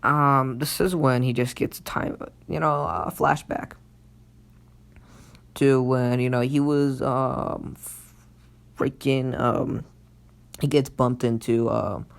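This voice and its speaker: Rambling gravelly-voiced man. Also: mid-range voice, steady tone, slow, pauses often. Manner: rambling, lots of fillers and swearing. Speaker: channel host. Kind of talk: casual anime plot retelling.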